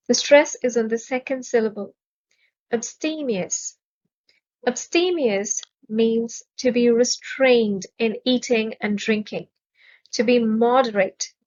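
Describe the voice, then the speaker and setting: A woman teaching English vocabulary in a measured, clearly enunciated way, stressing each syllable. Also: fairly high pitch, highs cut off. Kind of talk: slow, careful vocabulary lesson.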